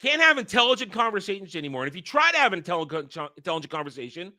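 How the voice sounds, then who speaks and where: A man delivering an angry, profane rant as the host of a commentary channel, sometimes breaking into shouts. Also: high-pitched, sing-song, racing, no room sound, clean studio sound. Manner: heated, profane, shouting at times.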